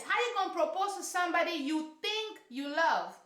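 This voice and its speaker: Sassy high-voiced woman in a roomy echo. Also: animated, moderate pace, few pauses, a bit bright. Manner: sassy, emphatic, slangy. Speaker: reality show reviewer. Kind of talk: casual reaction commentary.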